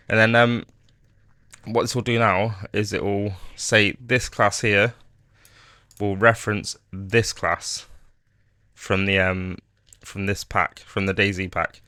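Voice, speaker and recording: With a lowish voice and clean studio sound lacking any room echo, a man casually walks through a modding tutorial on his screen. He rambles a little, frequently restarting and filling gaps with fillers.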